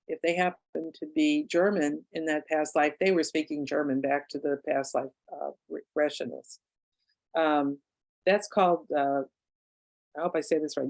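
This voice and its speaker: A woman's voice: low voice, creaky, a little mellow, low-quality recording. A woman, an author and past-life regressionist, telling a client's case story in a conversational way with asides and fillers. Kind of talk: book club talk, telling a case story.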